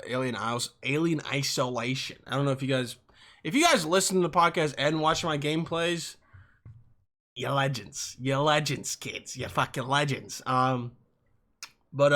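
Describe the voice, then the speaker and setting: A man's voice: medium pitch, a bit bright. A young man in his twenties hosting a solo podcast, rambling and profane, jumping between topics. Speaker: podcast host.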